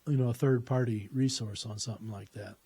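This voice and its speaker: Husky, dark-voiced man telling a story. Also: medium pitch, steady tone, a little fast. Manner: conversational, recounts dialogue. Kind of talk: personal storytelling.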